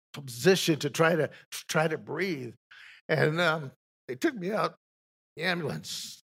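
Older male pastor, gravelly, folksy pulpit testimony, trips over his own starts. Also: fairly high pitch, fairly bright tone. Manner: folksy storytelling with frequent restarts.

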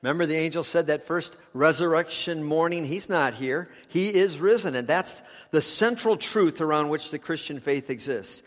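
A man preaching a sermon as pastor, emphatic and rising to loud peaks. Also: on the high side, normal speed, few pauses. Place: church sanctuary. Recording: long church reverb.

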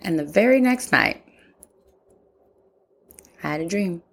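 A woman's voice: on the low side, expressive, slow, creaky, a bit bright. A woman telling a personal story in a reflective way, acting out remembered conversations. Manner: reflective, acts out remembered dialogue. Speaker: podcast host.

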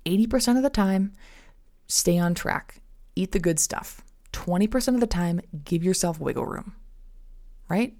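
With a mellow, mid-range voice at a moderate pace, a podcast host in her thirties discusses faith and nutrition. She addresses listeners like friends and performs little inner voices in her asides.

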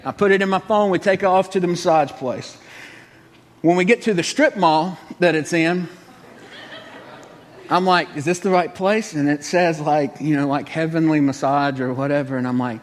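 High-voiced man telling a story. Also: moderate pace, long reverb tail. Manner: folksy, exasperated, drawling. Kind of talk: comic storytelling.

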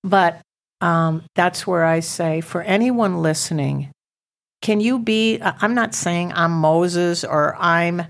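A middle-aged woman tells her story as a podcast guest, in a lowish voice with a gravelly edge. She acts out her prayers with rising emotion and speaks earnestly. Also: takes it slowly. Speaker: ministry founder, guest. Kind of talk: testimony in a podcast interview.

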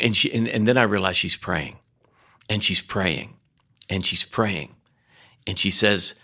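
A man's voice: sits low, a little slow, long pauses, pushed and bright. A middle-aged male pastor preaching a sermon, telling a personal story with frequent restarts and emphatic peaks.

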